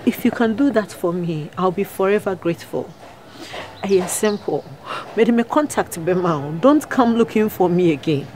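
Give me a woman playing a Ghanaian married woman begging, animated pitch, exasperated. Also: moderate pace, slight background noise, close to an everyday voice. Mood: pleading. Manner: pleading, exasperated. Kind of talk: web drama acting.

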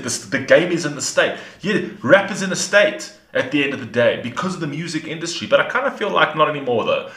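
A young man hosting a reaction video, casual and animated, swearing and repeating himself with lots of "man" and "bro". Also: fairly high pitch. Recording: roomy echo. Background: faint rap track.

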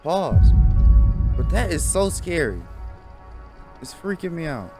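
A high-pitched man talks his way through a horror game, his voice leaping up and down between nervous mutters and startled shouts. He speaks slowly and jumpily, and loud game music plays behind him throughout. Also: big pitch swings. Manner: nervous, jumpy reactions. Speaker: gaming YouTuber. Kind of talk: horror game let's play commentary.

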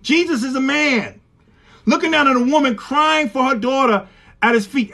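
High-voiced fervent preaching man. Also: normal speed. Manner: fervent, repetitive preaching with sudden loud rises. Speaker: pastor. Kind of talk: preaching a Bible study sermon.

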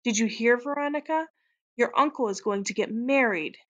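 A woman's voice: a little high, normal speed, highs cut off, close to an everyday voice. A woman voicing a mother who gushes with put-on delight, then hesitates. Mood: gushing. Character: excited mother feigning delight at news.

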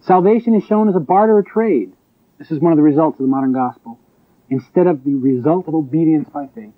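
A man preaching a sermon in an emphatic way, with sharp rises and drops. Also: fairly high pitch, fast talker. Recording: tinny phone-like lo-fi recording.

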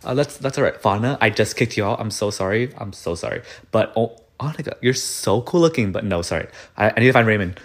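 A man's voice: lowish voice, lively intonation, fast, hardly any pauses. A man giving casual gameplay commentary, chatty and apologetic, talking to the game's characters as he goes. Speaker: video game player.

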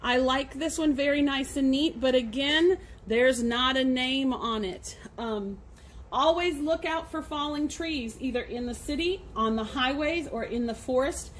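A woman teacher reading a novel aloud to her class in expressive storytelling, recorded at home for a lesson. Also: sits high, measured pace, a little hiss or hum, rough recording.

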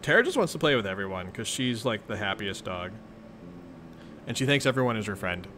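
A young man reading a webcomic aloud and chatting through his reactions in an excitable, rambling way. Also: lowish voice, a little fast, a little hiss or hum. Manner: excitable, chatty, lots of fillers. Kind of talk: casual reaction commentary.

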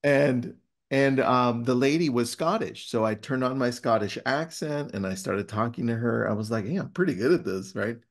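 Gravelly-voiced man hosting a webinar. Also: medium pitch, moderate pace. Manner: animated storyteller, reads passages aloud. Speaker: webinar host. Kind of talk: casual webinar chat.

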